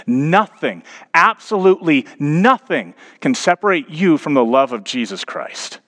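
Male pastor preaching. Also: medium pitch. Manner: storytelling, builds to emphatic peaks. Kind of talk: sermon.

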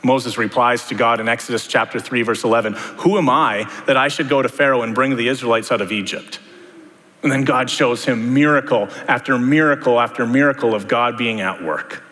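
A man's voice: medium pitch, a little fast, a bit bright. Man preaching in a reverberant hall. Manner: conversational preaching with rhetorical questions. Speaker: pastor. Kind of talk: sermon.

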